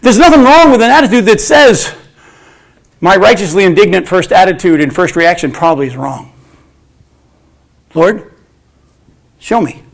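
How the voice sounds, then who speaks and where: A man leads a Bible study in sermon style, his voice pitched on the high side. He talks with animation and slips into the voices of the people he quotes. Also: animated, normal speed, pauses often.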